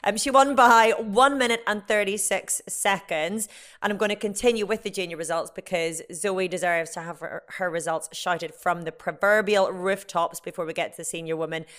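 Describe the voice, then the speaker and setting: A woman hosting a podcast, brisk and lightly teasing as she chats and reads out a news roundup. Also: on the low side, fairly bright tone. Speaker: podcast host. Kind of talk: casual chat and news roundup.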